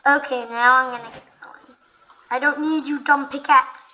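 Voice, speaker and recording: A young woman casually narrating her own video game play, excitable, often gasping and talking to the animals on screen. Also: high-pitched, moderate pace, lo-fi sound, a little hiss or hum. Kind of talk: casual gameplay commentary.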